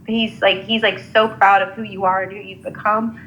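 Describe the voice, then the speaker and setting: A woman giving a live psychic reading, talking in an earnest, halting way with many restarts and fillers. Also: mid-range voice, little pitch movement, fairly bright tone, a little hiss or hum, rough recording. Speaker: psychic reader. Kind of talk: live intuitive reading, casual.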